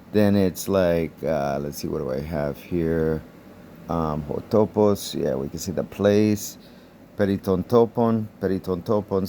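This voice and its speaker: Deep-voiced man teaching, relaxed. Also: slight background noise. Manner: relaxed and thinking aloud, pausing to recall words; chuckles lightly while explaining. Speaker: Koine Greek teacher. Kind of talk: casual explanatory lesson.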